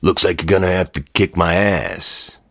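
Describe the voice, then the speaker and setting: A man voicing a burly, bullying man with a gruff, taunting way of talking. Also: deep voice, normal speed, fairly bright tone, no echo, studio quality, full character voice.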